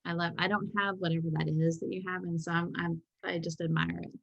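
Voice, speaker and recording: A woman's voice: on the low side, little pitch movement, fast talker, gravelly, no room sound, highs cut off. A woman co-hosting a podcast, telling rambling, self-deprecating stories in casual chat. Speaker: podcast co-host.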